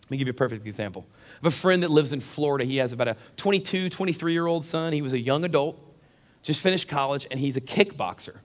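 A man's voice: fairly high pitch, fast talker. A middle-aged male pastor preaching a sermon, telling a comic story to his congregation. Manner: animated, jokey storyteller who addresses the congregation.

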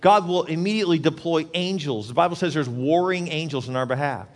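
Preaching man with a high voice. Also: fairly quick, big-room sound. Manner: earnest, repetitive preaching with acted-out quotes. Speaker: pastor. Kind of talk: sermon.

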